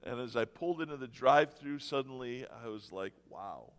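A man preaching a sermon, telling stories with sarcastic mock cheer and dramatic pauses. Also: medium pitch, expressive, long reverb tail. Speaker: pastor. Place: church sanctuary.

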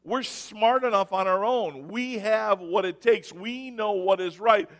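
High-voiced man preaching in a reverberant hall. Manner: storytelling with sarcastic mock cheer, dramatic pauses. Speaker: pastor. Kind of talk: sermon. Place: church sanctuary.

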